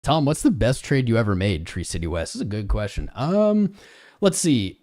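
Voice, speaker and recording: A man's voice: mid-range voice, very animated, normal speed, a little mellow. A man hosting a live crypto trading stream, chatting casually and greeting viewers by name as he reads the charts. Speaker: crypto trading livestream host.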